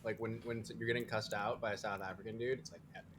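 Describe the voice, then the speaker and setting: A man's voice: lowish voice, level tone, fast talker, fairly bright tone. Playful young man on a call. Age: young adult. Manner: playful, laughs easily. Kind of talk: casual chat on a voice call.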